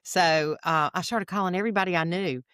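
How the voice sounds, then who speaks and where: A woman's voice: lowish voice, a little fast, no room sound, studio quality. Chatty Southern woman telling a story. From Alabama, US. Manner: animated, chatty, tells stories with acted quotes. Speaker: guest. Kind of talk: casual storytelling interview.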